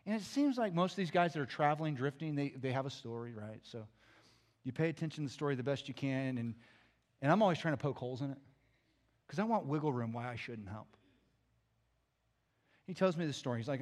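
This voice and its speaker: A man preaching as a pastor, telling a personal story in an animated way that swings between loud and hushed. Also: mid-range voice, a little fast, big-room sound. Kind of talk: storytelling sermon.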